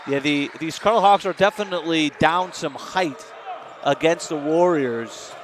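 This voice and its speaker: A man calling live basketball play-by-play, quick and excitable, rising on big plays. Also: on the high side, crowd noise. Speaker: play-by-play announcer. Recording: noisy gym broadcast.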